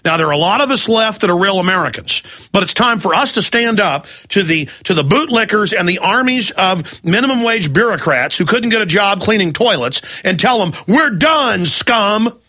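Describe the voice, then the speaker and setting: A man's voice: sits high, animated, sharp tone. A man hosting a talk radio show, ranting angrily and firing off rhetorical questions. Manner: angry, ranting, rapid-fire rhetorical questions. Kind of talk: heated talk radio rant.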